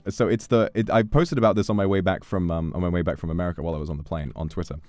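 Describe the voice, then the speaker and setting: A young man chatting casually with his chat, playful and swearing freely, with quick restarts. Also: on the low side, a little mellow, dry recording. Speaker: streamer. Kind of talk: casual chat reading donations.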